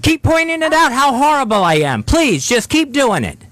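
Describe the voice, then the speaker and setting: Very high-voiced man, bitter and defensive. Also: wildly swooping pitch, normal speed, a bit bright, no echo. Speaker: radio host. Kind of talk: heated radio talk.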